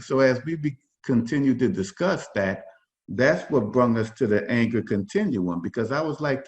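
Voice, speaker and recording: A man's voice: mid-range voice, lively intonation, moderate pace. A man facilitating a workshop over a video call, talking informally with many fillers and restarts. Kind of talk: conversational workshop talk. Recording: dull lo-fi video call audio.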